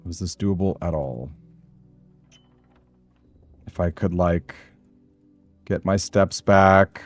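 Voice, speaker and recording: Over faint background music, a man doing let's play commentary talks slowly in a low voice. He's anxious, muttering to himself as he plans his moves in the game.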